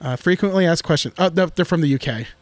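A man co-hosting a podcast in casual chat, joking and excitable, talking in restless bursts. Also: fairly high pitch, fast, no echo. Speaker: podcast co-host.

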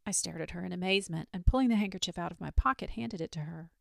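Gravelly-voiced woman reading a story. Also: lowish voice, dry recording, clean studio sound. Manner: measured, expressive reading with soft dips. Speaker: story reader.

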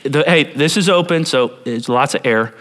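A man preaching a sermon to a church congregation, animated and playful, talking straight to the people in front of him. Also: mid-range voice, normal speed. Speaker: pastor.

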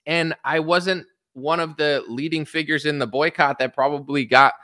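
A man's voice: on the high side, steady tone, moderate pace, sharp tone, no echo, clean studio sound. A man giving a sarcastic, mocking, profane rant as an online commentator. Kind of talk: ranting commentary.

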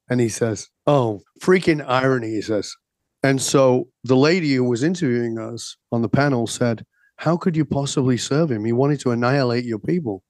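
A transformation coach, appearing as a guest, tells animated stories in conversation, acting out both sides of quick back-and-forth exchanges with emphatic energy. His pitch is ordinary and middling, a little mellow, and the recording is close and dry with no echo.

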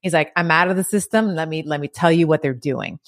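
A middle-aged woman, a podcast guest, talking in a lively, chatty way with frequent laughs, fillers and restarts. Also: sits low, fairly quick, dry recording, studio quality. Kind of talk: casual interview chat.

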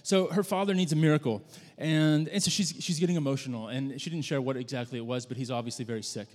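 A man preaching a sermon, telling a story in a conversational, halting way with frequent restarts. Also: medium pitch, fairly even intonation. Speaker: pastor. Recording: long hall reverb.

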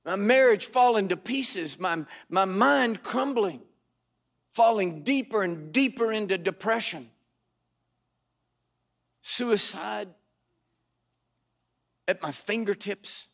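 An older man preaching a storytelling sermon to a congregation, wry and dramatic with sudden loud bursts. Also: high voice, expressive, slow pace, vocal fry, long pauses. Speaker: pastor. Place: church sanctuary before a congregation.

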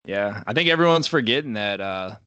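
A man's voice: on the low side, animated, fairly quick, pushed and bright, smooth, no room sound, muffled recording. A young man co-hosting a casual sports podcast, talking loosely with plenty of swearing and filler likes. He laughs easily and keeps the banter rolling. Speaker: podcast co-host.

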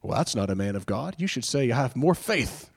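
A man's voice: mid-range voice, sing-song, brisk, gravelly, husky. A man preaching a sermon in an earnest, conversational way, often asking rhetorical questions and restarting his phrases. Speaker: pastor.

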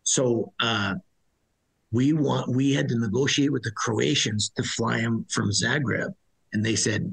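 A man's voice: mid-range voice, measured pace, gravelly, fairly bright tone, slightly rough, low-quality recording. A middle-aged man, a former soldier as interview guest, telling his story bluntly and ramblingly, with many restarts. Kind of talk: conversational storytelling.

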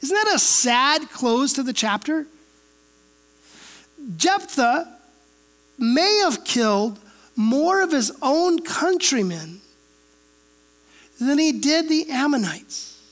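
A woman's voice: sits high, very animated, takes it slowly, pauses often. A woman pastor, giving a conversational sermon and retelling a Bible passage in a casual, storytelling way that often checks in with a rhetorical "right?". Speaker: pastor teaching a Bible chapter.

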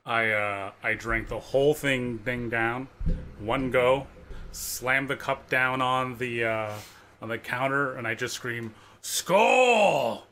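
A man speaking in character as a tabletop game player, slow and hesitant. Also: medium pitch, steady tone, sharp tone, a little hiss or hum.

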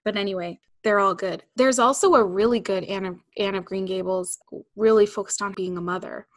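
A woman's voice: mid-range voice, steady tone, a little fast, no echo, studio quality. Gushing woman podcast co-host. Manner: enthusiastic, gushing. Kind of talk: casual chat.

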